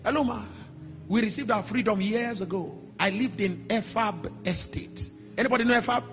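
A middle-aged man with a Nigerian accent preaching a sermon, telling stories and acting out other voices, sometimes shouting. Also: high-pitched, moderate pace. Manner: animated, acts out quoted voices, sudden shouts. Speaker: pastor. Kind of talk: sermon with storytelling. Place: large church hall. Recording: echoey hall, dull sound, faint music.

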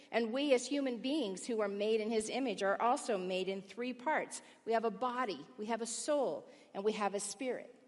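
Woman teaching a sermon in a hall. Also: fairly high pitch. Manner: measured, explanatory teaching. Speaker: pastor. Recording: long reverb of a large hall.

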